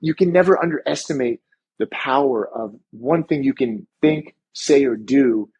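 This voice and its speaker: A man's voice: medium pitch, normal speed, a little mellow, husky. A man, a chiropractor guest on a podcast, telling a story in casual chat and acting out the dialogue, swearing now and then.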